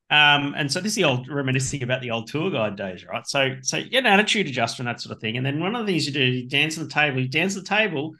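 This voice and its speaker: A man's voice: fairly high pitch, bright, forceful tone. A man in his forties chatting casually as a podcast co-host, telling rambling stories and swearing freely. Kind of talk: casual chat.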